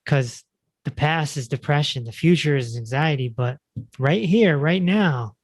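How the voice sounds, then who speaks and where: Relaxed, reflective male podcast host. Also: fairly high pitch, unhurried, no room sound. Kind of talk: casual podcast conversation.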